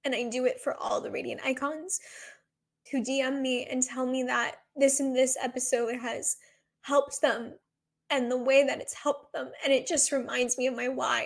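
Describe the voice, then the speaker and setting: A woman's voice: sits high, fairly even intonation, moderate pace, creaky. A woman in her twenties hosting a solo podcast, talking in an earnest, confessional way with lots of "like.". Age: 20s. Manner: earnest, confessional, says "like" often. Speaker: podcast host.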